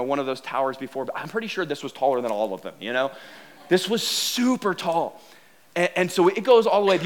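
A man telling a self-mocking personal story as a sermon, animated and full of restarts. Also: sits high.

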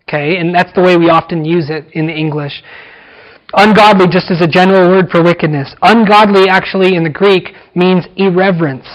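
A man preaching a verse-by-verse sermon in a fairly high voice. He drives his points home by repeating words and phrases, and he slows right down on the lines he wants to land. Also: poor audio. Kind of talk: expository sermon.

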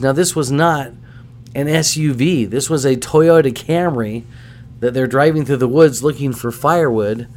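A middle-aged man hosting a podcast, telling stories casually in an animated, self-deprecating way. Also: mid-range voice, normal speed. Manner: animated, self-deprecating, acts out voices in anecdotes. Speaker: podcast host. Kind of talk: casual storytelling.

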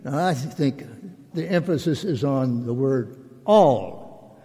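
Older man preaching a reflective sermon in an unhurried delivery, slightly breathy, echoing through a large hall. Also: medium pitch, animated, dark tone. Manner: slow, reflective, measured delivery with drawn-out phrases. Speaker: pastor. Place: church sanctuary. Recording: long reverb of a church hall.

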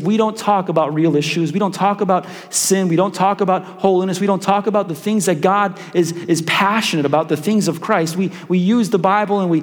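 A man preaching a sermon as pastor, talking conversationally and often repeating words as he goes. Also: sits high. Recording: long hall reverb.

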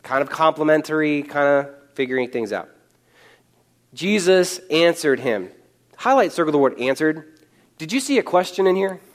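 Animated conversational male preacher. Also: fairly high pitch. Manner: animated, casual, with quick asides and chuckles. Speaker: preacher teaching a Bible passage. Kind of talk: conversational sermon.

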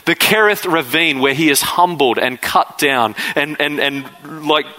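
A man's voice: on the high side, bright, forceful tone, poor audio. A man preaching a conversational sermon as pastor, acting out the people in the story as he retells it. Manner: conversational preaching, acts out quoted figures.

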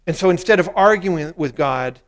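Earnest and expressive, a male pastor with an unusually high voice for a man preaches at normal speed. During the sermon he guides his listeners through a brief prayer to repeat after him.

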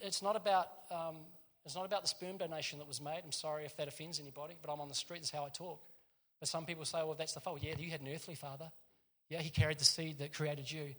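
Male preacher, high bright voice, animated and chatty, laughs a lot. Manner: animated storytelling, laughs often. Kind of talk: sermon. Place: church.

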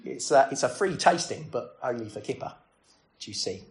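A man's voice: mid-range voice, expressive, normal speed. A man preaching a sermon in a conversational way, full of rhetorical questions and self-deprecating asides.

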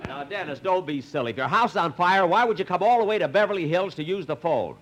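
A man's voice: high-pitched, lively intonation, quick pace, a loud crowd. A man hosting a 1950s radio comedy show, exasperated, with sudden outbursts. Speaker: comedy host. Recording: old radio broadcast with studio audience and hiss.

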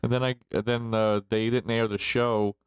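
A man's voice: fairly low pitch, flat delivery, normal speed, smooth, no room sound. A man in his forties, a podcast guest telling rambling stories and laughing often as he talks. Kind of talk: casual storytelling interview.

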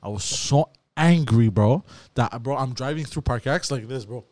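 Animated swearing man telling a story. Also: mid-range voice, normal speed, no room sound. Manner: animated, swearing, says bro a lot. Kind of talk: casual storytelling chat.

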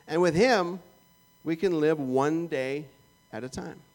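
Joking Canadian preacher, slightly high voice. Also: male voice, slow pace. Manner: conversational and jokey, acting out little prayers and asides. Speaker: pastor. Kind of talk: sermon.

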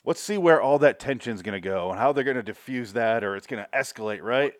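A man's voice: mid-range voice, lively intonation, quick pace, slight background noise. A man co-hosting a casual movie review chat, rambling and wry, often laughing. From Canada. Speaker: podcast co-host.

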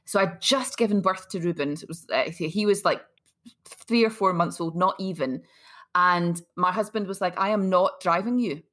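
A woman's voice: lowish voice, normal speed. A woman in her thirties hosting a casual chat, telling stories and acting out voices. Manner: lively storyteller, acts out voices, laughs. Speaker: host.

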